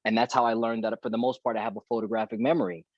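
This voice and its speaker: A man's voice: on the low side, flat delivery, racing, no room sound. A man who is a guest actor, telling a story in a casual podcast chat and acting out the dialogue he remembers. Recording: dull, dry lo-fi audio.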